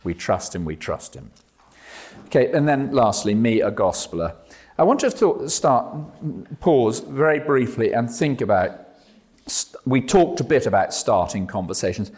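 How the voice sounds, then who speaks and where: A man giving a jokey, animated talk on evangelism to a meeting. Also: mid-range voice, moderate pace. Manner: jokey, animated, self-mocking asides. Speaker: preacher.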